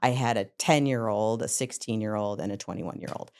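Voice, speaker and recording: A woman's voice: very deep voice, fairly quick. A middle-aged woman, a psychotherapist, telling stories from her career in a podcast interview, acting out scenes and laughing often. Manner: lively storyteller, acts out scenes, laughs often. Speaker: psychotherapist guest.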